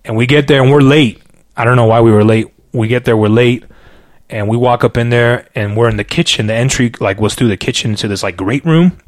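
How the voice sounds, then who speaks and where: A man telling his personal faith testimony as a podcast guest, in an animated, storytelling way with many fillers, and by his own account a loud talker. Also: medium pitch, a little fast, no echo. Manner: self-described loud talker.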